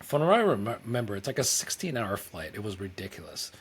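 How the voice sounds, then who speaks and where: A man's voice: fairly low pitch, sing-song, quick pace, slightly rough. A young man co-hosting a podcast, telling a story in a loose, rambling way, full of fillers, acting out the people he quotes. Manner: rambling, lots of "like", acts out quoted dialogue. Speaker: podcast co-host. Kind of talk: casual storytelling chat.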